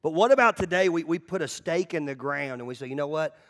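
A fast-talking man with a voice on the high side preaches as the pastor in a conversational sermon. Animated stories, acted-out voices, and repeated words run throughout.

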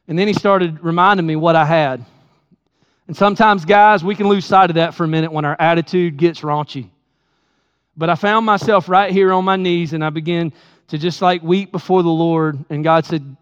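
A man's voice: high voice, a little fast, a bit bright. A man, preaching a sermon as pastor and telling candid stories about himself. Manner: candid storytelling with laughs, acting out his own quotes. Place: church sanctuary. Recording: dull sound with long hall reverb.

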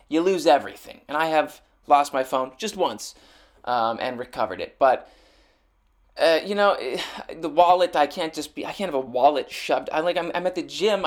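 A young man hosting his own show, rambling sarcastically with lots of restarts and swearing. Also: a little high. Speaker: podcast host. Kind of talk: rambling comedic rant. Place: Los Angeles.

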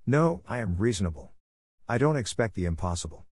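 A man reading the part of a calm, hopeful woman probation officer, speaking steadily and reasonably. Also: on the low side, fairly quick, no room sound. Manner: steady, reasonable, quietly firm. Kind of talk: audiobook character reading.

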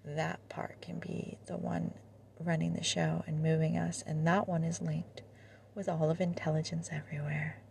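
Soft-spoken lady guiding a meditation, lowish mellow voice with some fry, slips into whispers. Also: level tone, normal speed, a little hiss or hum. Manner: gentle, drifting, often half-whispered. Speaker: podcast host. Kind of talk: guided meditation.

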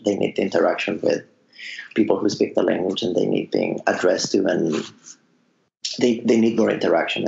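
Very low gravelly man, thoughtful. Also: darkish tone. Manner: thoughtful, hesitant, with restarts. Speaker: language professor. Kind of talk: interview answer. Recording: gravelly lo-fi audio with faint noise.

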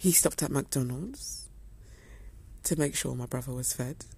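A woman's voice: rumbling low, measured pace, a little mellow, slightly rough. A young woman telling a story to her viewers in a casual, chatty way. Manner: chatty, acts out quoted dialogue. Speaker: vlogger.

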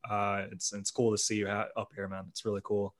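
A man's voice: fairly low pitch, monotone, brisk. A man hosting a podcast in casual chat, laid-back and laughing often. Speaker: podcast host.

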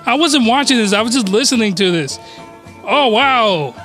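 High, bright-voiced rambling vlogger man. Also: expressive, moderate pace, soft background music. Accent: put-on fake accent. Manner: rambling, self-interrupting, playing a mock persona. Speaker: video reviewer. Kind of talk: casual joking review vlog.

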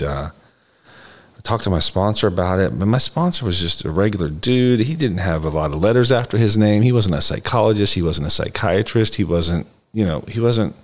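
An older man hosting a podcast, telling a personal story in a candid, rambling way and acting out quotes in a raised voice. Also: low voice. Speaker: podcast host. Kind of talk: casual storytelling chat.

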